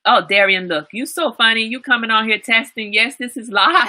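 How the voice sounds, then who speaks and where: A woman's voice: on the high side, moderate pace, few pauses, bright, forceful tone. A woman hosting a live-streamed talk show, chatting casually with viewers, reading out their comments and laughing often. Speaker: livestream talk show host.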